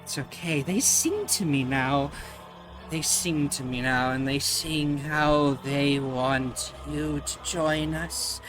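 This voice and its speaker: A man's voice: fairly high pitch, slow, music in the background. Man doing a crazed undead archmage ruler. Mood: eerie, tempting. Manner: frantic stammering, swings to shouting. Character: mad undead male archmage ruler, manic.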